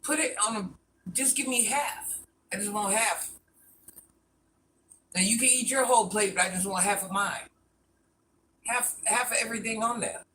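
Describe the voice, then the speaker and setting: A man's voice: high-pitched, normal speed, long pauses, bright, forceful tone, a little hiss or hum. A man rambling through a casual live stream, answering viewer comments and talking to people off camera in a folksy way.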